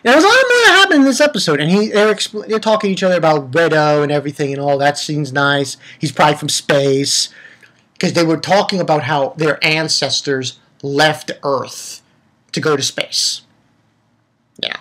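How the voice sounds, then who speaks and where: A young man rambles through an anime recap with a bright, animated voice that leaps up and down in pitch. He curses often and trips over his own sentences as he goes. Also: normal speed. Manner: rambling, profane, many restarts. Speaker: anime reviewer. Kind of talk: casual episode recap.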